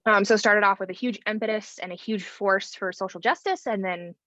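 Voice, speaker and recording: Woman, thirties, pastor guest, bright voice, dull dry recording. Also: medium pitch, fairly quick, no room sound. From rural North Idaho, USA. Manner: chatty, many fillers and "like". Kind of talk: casual interview conversation.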